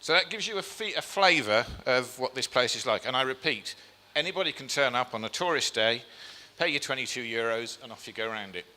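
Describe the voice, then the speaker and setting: A man's voice: medium pitch, lively intonation, a little fast, few pauses, bright, forceful tone. A man giving a chatty slide talk to a live audience, with frequent ums and questions to the crowd. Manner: chatty, self-deprecating, asks the audience questions. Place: event hall with a live audience. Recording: long reverb of a hall.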